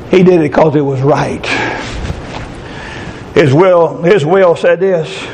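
A man preaching a fervent revival sermon, stretching key words and breaking into shouts. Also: a little high, slight background noise, rough recording. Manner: fervent, drawn-out emphatic delivery with sudden shouts.

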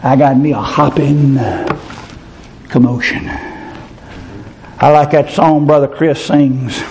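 An older man preaching a fervent sermon, his voice leaping up into shouts at its peaks. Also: on the high side, level tone, slow, a little hiss or hum. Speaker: pastor.

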